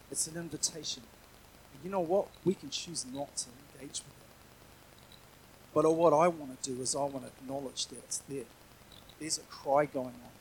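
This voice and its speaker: A middle-aged man gives a sermon in an earnest, chatty way, circling back and restarting his thoughts as he speaks. His voice sits a little higher than most men's. A faint hiss of room noise stays under him. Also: poor audio. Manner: conversational, earnest, with frequent restarts and asides. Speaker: preacher.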